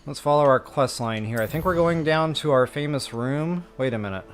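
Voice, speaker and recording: A middle-aged man giving casual gameplay commentary, chatty and quick to laugh, who tells stories to his viewers while he plays. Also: on the high side, soft background music. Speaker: gaming streamer.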